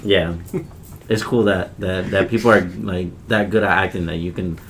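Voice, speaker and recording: A young man with a lowish voice talks loosely on a podcast, relaxed and quick to laugh, dropping swear words without a second thought. A steady hiss runs under the recording. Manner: laid-back, swears, laughs often. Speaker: podcast host. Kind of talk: casual chat. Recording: noticeable background hiss.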